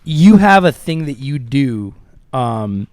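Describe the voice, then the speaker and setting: A man hosting a casual studio chat, jumping between loud excited bursts and soft asides as he tells stories. His voice sits at a middling pitch and is recorded close and dry. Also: takes it slowly, dry recording. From Southern US, Tampa. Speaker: podcast host and musician.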